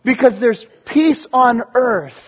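A man telling a sermon story to an audience in an excitable, animated way. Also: extremely high pitch, slow pace, highs cut off. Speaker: storyteller preacher.

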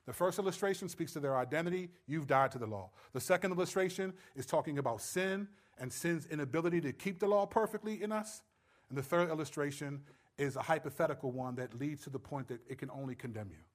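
A man preaching a sermon, stressing points loudly and then dropping to low, quiet asides. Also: quick pace. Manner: emphatic, swings between loud stresses and low quiet asides. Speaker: pastor.

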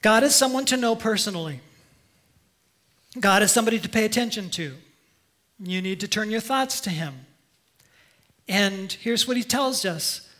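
A man's voice: sits high, animated, moderate pace, long pauses, a bit bright. A man preaching a sermon as pastor, earnest and emphatic, leading the congregation in call-and-response in a church.

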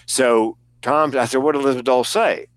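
A man in relaxed conversation, spinning a lively anecdote and slipping into the voices of the people he quotes. His voice sits in a middle pitch, and the recording is close and dry, with no room sound. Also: brisk, no echo. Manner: animated storyteller, acts out quoted voices, swears. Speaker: guest comedian. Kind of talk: casual storytelling.

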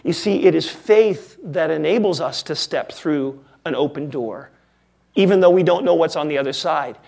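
A male pastor preaching a sermon in a wry, conversational way with emphatic pauses. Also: fairly high pitch, vocal fry, darkish tone.

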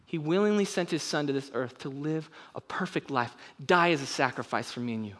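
A young man delivers a sermon in a bright, high voice. He preaches earnestly but keeps it conversational, slipping into quick, casual asides. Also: lively intonation. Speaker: pastor.

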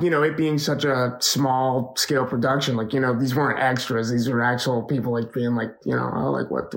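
An easygoing young man with a mid-range voice, talking through his acting experience. He hesitates often, leaning on "um" and "like" as he thinks. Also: medium pitch. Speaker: actor guest. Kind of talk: casual chat.

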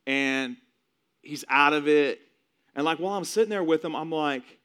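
A man's voice: on the high side, moderate pace, a bit bright, smooth. A man in his forties giving a personal testimony, emotional and repetitive as he tells his story. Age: 40s.

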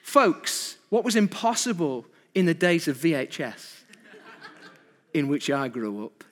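A man preaches with a fairly high voice that swings widely up and down. He presses his points home with rhetorical questions to his listeners. The sound carries the long echo of a large hall. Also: sing-song, measured pace, a bit bright. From Britain. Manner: rhetorical questions to the congregation, emphatic. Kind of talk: evening sermon.

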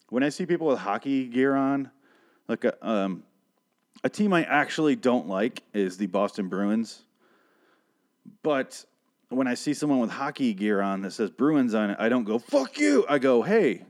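A man's voice: mid-range voice, darkish tone. A man from Michigan hosting an unscripted solo podcast, rambling and swearing in an exasperated rant. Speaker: podcast host.

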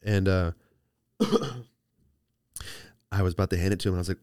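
A man's voice: low voice, level tone, fairly quick, darkish tone, clean tone, dry recording, clean studio sound. A young man hosting a solo podcast, chatting casually and rambling playfully with lots of restarts. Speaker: podcast host.

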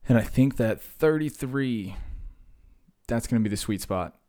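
A man's voice: mid-range voice, lively intonation, unhurried, warm tone. A man in his thirties hosting a casual solo podcast, rambling and self-mocking, slightly wheezy after a workout. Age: 30s. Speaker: podcast host.

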